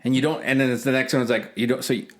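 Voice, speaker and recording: A man's voice: medium pitch, fairly even intonation, rapid-fire, faint music behind. A man co-hosting a casual podcast chat, joking around, swearing freely and laughing often. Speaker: podcast co-host.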